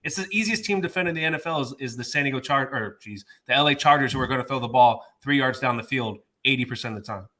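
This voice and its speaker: A man's voice: mid-range voice, fast talker, few pauses, sharp tone. A man co-hosting a sports podcast, ranting in casual chat with exasperation. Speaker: podcast co-host.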